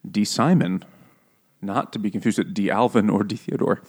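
A man's voice: on the low side, normal speed, a little mellow. Laughing, swearing man in casual chat. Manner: laughing often, swearing, mimicking characters in goofy voices. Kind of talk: casual chat about a book and film.

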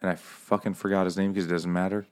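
A man's voice: low voice, little pitch movement, fast, darkish tone, smooth. A man co-hosting a casual book podcast, swearing freely and acting out characters as he recaps. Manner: profane, jokey, acts out characters in quotes. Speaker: podcast co-host. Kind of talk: casual book-club chat.

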